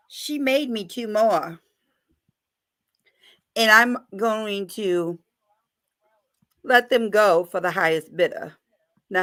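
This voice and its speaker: A woman's voice: fairly high pitch, pushed and bright. A woman hosting a live stream in a chatty, playful way, greeting viewers by name. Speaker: livestream host. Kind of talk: casual live-stream chat.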